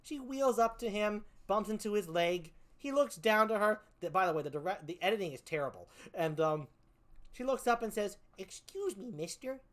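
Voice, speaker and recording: A woman's voice: medium pitch, lively intonation, moderate pace. A woman comedian doing a stand-up routine, profane, exasperated and mocking as she picks apart a film.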